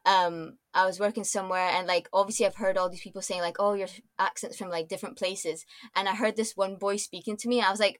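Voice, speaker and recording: A young woman with a mixed accent that people often hear as American, talking casually as an interview guest. She laughs often and talks in loose sentences full of "like" and restarts. The recording is dry and close, at middle pitch. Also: steady tone, fast talker, few pauses, no echo. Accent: mixed, often taken for American or Canadian. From born in Dubai, raised in Scotland. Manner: chatty, laughs often, many likes and restarts. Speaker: guest, designer.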